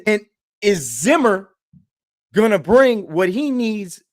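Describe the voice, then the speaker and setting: A man's voice: high-pitched, animated, slow, no echo, clean studio sound. A man in a heated sports talk show, indignant and ranting, repeating himself for emphasis.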